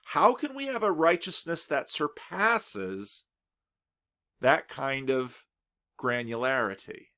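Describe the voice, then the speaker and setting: A man's voice: medium pitch, animated, takes it slowly, pushed and bright. A male pastor delivering a reflective sermon, earnest and thoughtful, often restarting phrases with repeated words.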